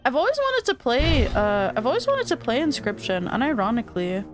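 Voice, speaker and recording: A woman's voice: on the high side, huge pitch swings, a little fast. A woman streaming a game, chatting loosely with lots of fillers and reading the game's text aloud. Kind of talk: casual gaming stream chat. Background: game music.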